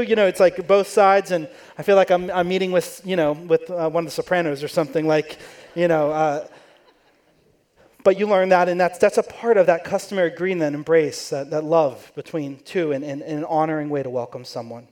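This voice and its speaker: High-voiced man preaching a sermon. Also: fast talker, darkish tone. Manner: conversational storytelling, acts out quoted voices. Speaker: pastor. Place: church.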